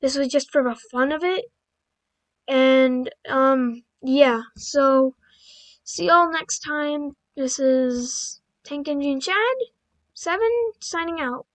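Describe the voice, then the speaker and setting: A woman's voice: high-pitched, steady tone, takes it slowly, rough recording. A woman reading children's stories aloud and adding casual commentary, often tripping over words and breaking off for blunt asides. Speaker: video creator.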